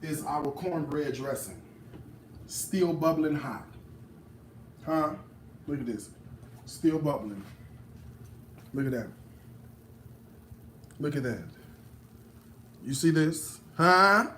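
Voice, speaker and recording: A man's voice: on the high side, slow, pauses often, darkish tone, distant mic, slight background noise. Sassy man cooking, off-mic and roomy. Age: late 30s. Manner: sassy, playful, talks back to viewers. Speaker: home cook. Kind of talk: casual cooking demo. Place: home kitchen. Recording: roomy, off-mic kitchen sound.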